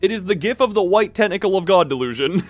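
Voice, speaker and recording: A man live-streaming a story game, chatting animatedly with frequent laughs and reading the game's text aloud in a lowered, dramatic tone. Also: expressive, fast talker, dry recording, soft background music.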